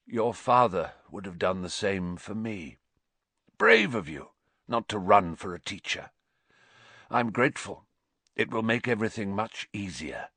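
A man voicing a gaunt, hoarse escaped male prisoner who speaks low, quiet and menacing. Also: big pitch swings, measured pace, no echo, heavily acted. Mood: quiet menace.

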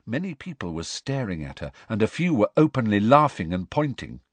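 Husky man reading a storybook. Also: lowish voice, fairly quick, dry recording. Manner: expressive storytelling. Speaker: narrator. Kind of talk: audiobook narration.

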